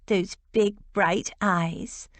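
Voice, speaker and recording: A woman voicing a sweet, gentle young Regency lady who gushes thoughtfully. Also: medium pitch, steady tone, drawn-out words, no room sound. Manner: gentle, gushing.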